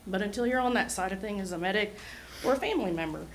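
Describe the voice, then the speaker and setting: A woman in her forties speaks to a city commission about her ambulance service, earnest and heartfelt with a touch of nerves. Her voice sits at an ordinary middle pitch, and a faint hum of room noise runs beneath her. She talks plainly, like a medic more at home on a truck than at a podium. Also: animated, fast talker, rough recording. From Oklahoma. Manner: earnest, heartfelt, a little nervous. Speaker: EMS administrator. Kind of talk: public remarks at a city meeting. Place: city hall meeting room.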